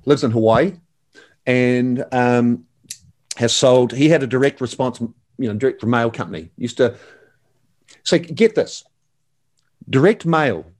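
A man's voice: mid-range voice, lively intonation, measured pace, pauses often, darkish tone. A man, talking as an enthusiastic, slangy guest in a casual interview. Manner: enthusiastic, slangy, calls the host mate.

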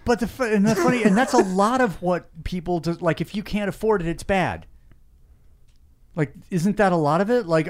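A man chatting as a podcast guest, joking around and swearing in a loose, animated way. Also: sits high, moderate pace. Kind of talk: casual chat.

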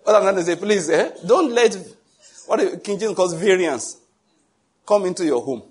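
A man preaching a sermon in an animated, joking way, with pleading asides to the congregation. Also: sits high, moderate pace, husky.

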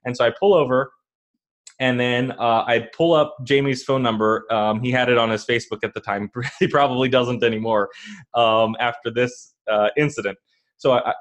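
A man sharing a personal story on a podcast, loose and conversational, pausing and restarting often. His voice sits at a middling pitch. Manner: rambling, full of fillers and restarts. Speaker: podcast co-host.

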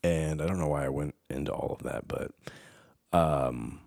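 A man hosting a podcast, rambling through a home story with tangents and self-deprecating asides. His voice sits very low and deep. The sound is dry and close, with no room around it. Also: moderate pace, creaky, a little mellow, no room sound. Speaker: podcast host, father. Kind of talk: casual rambling monologue. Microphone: studio microphone.

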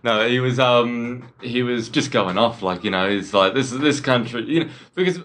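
An Australian man co-hosting a casual chat, easygoing and quick to laugh along. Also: medium pitch, a bit bright, slight background noise. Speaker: podcast co-host.

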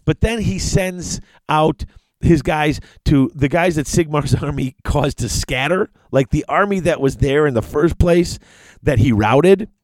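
A man casually retelling a fantasy battle story, excitable and rambling. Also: a little slow, dry recording. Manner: excitable, rambling, big pitch swings. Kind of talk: casual chat.

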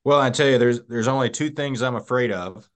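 A man's voice: medium pitch, brisk. Plainspoken man, radio show guest. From Georgia, United States. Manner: plainspoken, with folksy humor. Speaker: state senator, guest. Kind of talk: guest interview on talk radio.

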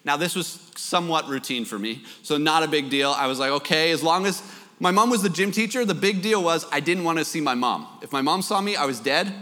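A man's voice: a little high, bright, forceful tone, big-room sound. A young man preaching a sermon, telling a story with self-deprecating jokes. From Canada. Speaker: pastor.

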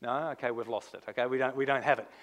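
A man, a pastor, preaching a sermon in an animated, conversational way, full of rhetorical questions. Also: medium pitch, racing.

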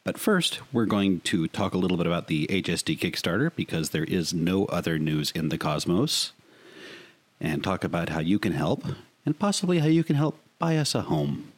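A man's voice: sits low, sing-song, normal speed, husky. A man hosting a podcast, chatting in a jokey way and asking listeners for donations. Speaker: podcast host. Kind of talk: casual podcast chat.

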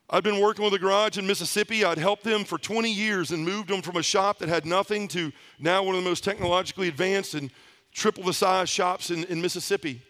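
Middle-aged man from around Memphis, high bright voice, lively testimony-style storyteller. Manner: animated storyteller acting out voices. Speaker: conference speaker.

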